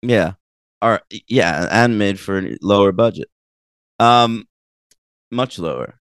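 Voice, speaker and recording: A man's voice: on the low side, takes it slowly, fairly bright tone, clear, resonant tone, no echo. A man hosting a film podcast in casual chat, teasing his co-host and blunt in his opinions.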